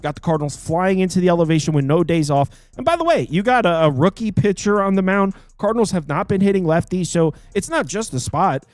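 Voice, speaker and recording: A man's voice: sits high, animated, a little fast, hardly any pauses, dry recording. A man hosting a live sports betting show, talking casually, rambling and correcting himself as he jokes with co-hosts. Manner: rambling, self-correcting, joking.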